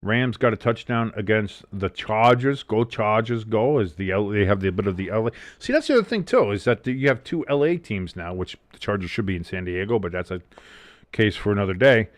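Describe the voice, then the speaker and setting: Animated man hosting a game watch-along. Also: lowish voice, fairly quick, no room sound. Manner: casual and profane, reads the chat. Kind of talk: live game commentary and chat.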